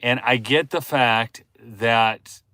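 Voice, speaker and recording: A man's voice: slow, no echo, clean studio sound. Chatty man ranting to his viewers. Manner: chatty, talks straight to viewers, asks the chat questions; swings from low muttering to loud exclamations. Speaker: livestream host. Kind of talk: rambling political livestream rant.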